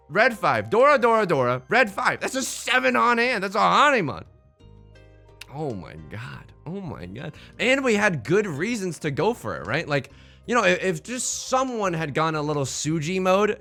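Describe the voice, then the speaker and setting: Excitable man commenting on his game. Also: on the high side, vocal fry. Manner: excitable, joking, meme-heavy banter. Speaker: let's play host. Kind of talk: live gameplay commentary.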